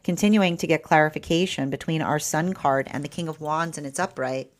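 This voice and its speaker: Low-voiced woman giving a tarot reading. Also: brisk. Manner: rambling, repeats words, many fillers. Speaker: tarot reader.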